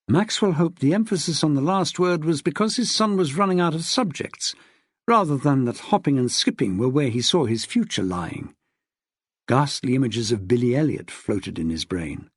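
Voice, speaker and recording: A man narrating an audiobook in an expressive way, shifting his pitch for the characters. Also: moderate pace, husky, no echo, studio quality. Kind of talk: scripted narration.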